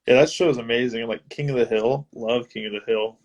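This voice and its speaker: An eager man talking as a guest on a video call. He retells things with excitement and fills his speech with casual fillers. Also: medium pitch, a little fast. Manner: enthusiastic, filler-heavy retelling of sketches. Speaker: guest musician.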